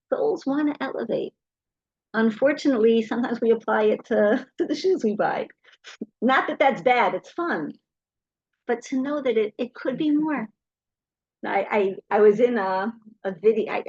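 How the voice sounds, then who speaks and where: Middle-aged woman telling lively stories. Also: a little high, breathy edge, dry recording, highs cut off. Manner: lively anecdotal storytelling, acts out quoted voices. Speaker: speaker. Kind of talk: storytelling talk to an audience.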